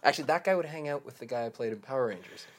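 A man in his thirties from Calgary, a guest chatting on a podcast in a relaxed, rambling way, often laughing. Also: mid-range voice, very fast. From Calgary, Canada. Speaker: guest, country singer and actor. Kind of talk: casual podcast chat.

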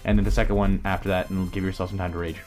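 Rambling, animated male podcast host. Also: low voice, rapid-fire, faint music behind. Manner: rambling, animated, laughs often. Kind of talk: casual chat.

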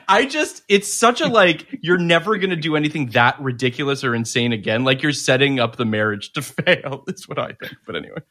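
A podcast co-host with a medium-pitched, expressive voice talks at a moderate pace, his tone bright and forceful. In casual chat he laughs often and swears casually while reading a synopsis.

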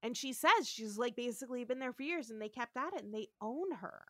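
Bright, animated woman podcast host. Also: on the high side, a little fast, no echo, studio quality. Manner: animated storytelling, acts out scenes. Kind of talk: casual recap chat.

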